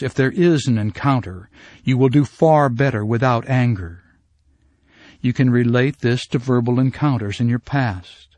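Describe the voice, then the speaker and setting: A man narrating a self-help course in a calm, measured, scripted way. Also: medium pitch, dry recording.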